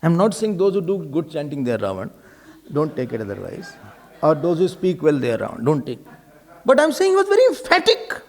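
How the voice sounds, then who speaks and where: A swami with an Indian English accent delivers a sermon, repeating key phrases for emphasis and mixing Hindi words into his English. His voice is a little high and brisk, with vocal fry and huge swings in pitch.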